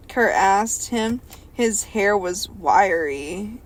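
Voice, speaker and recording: A woman's voice: medium pitch, lively intonation, moderate pace. A young woman co-hosting a casual podcast, reading a story aloud and breaking off with giggles to tease the writing. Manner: giggly, reads then breaks off to mock the text.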